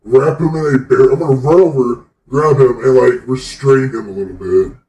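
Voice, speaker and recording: A man's voice: medium pitch, moderate pace, dark tone, recorded from a distance. A man playing his character in an online tabletop game, talking animatedly and playfully. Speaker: player. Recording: roomy mic set back from the speaker.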